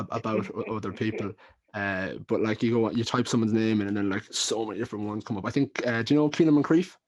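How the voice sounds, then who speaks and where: An Irish man who is a podcast guest, talking casually and rambling with frequent restarts. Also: fairly low pitch. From Ireland. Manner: rambling, lots of restarts and fillers. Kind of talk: casual chat.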